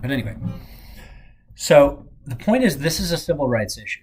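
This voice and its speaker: A man's voice: medium pitch, background noise. A man in his forties, a former lawyer, giving casual commentary on a legal case from his office, rambling and making jokey asides.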